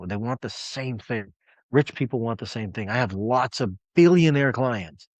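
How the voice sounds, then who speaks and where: A man's voice: on the low side, dry recording, muffled recording. A man coaching clients on a live call, telling a story in an emphatic, conversational way.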